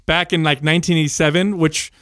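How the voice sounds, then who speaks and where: A man in his forties swaps childhood stories in a relaxed, profane chat. His voice sits a little high. The recording is close and dry, with no room sound. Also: fast talker, dry recording. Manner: storytelling, swears often, acts out quotes. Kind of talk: casual chat.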